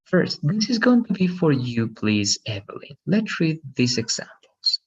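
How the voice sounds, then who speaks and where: Patient slow-talking male English teacher. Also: on the high side, sing-song, husky, muffled recording. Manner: patient, repeats "right?" often. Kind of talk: online English lesson.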